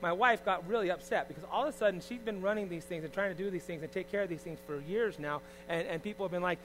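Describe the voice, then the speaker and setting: High-voiced man preaching a sermon. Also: fast talker, few pauses, a little hiss or hum. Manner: preachy, swings from loud emphasis to quiet asides. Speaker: pastor.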